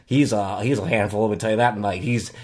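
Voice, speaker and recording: A man playing a rambling wrangler of mythical creatures in an improvised comedy interview, halting with many fillers and calling people "mate". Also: on the low side, steady tone, a little mellow, close to an everyday voice.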